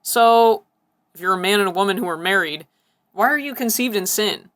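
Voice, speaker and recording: A woman's voice: mid-range voice, animated, fast, pushed and bright. A woman hosting a casual reaction commentary, swearing freely and breaking into incredulous giggles. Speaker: reaction video host.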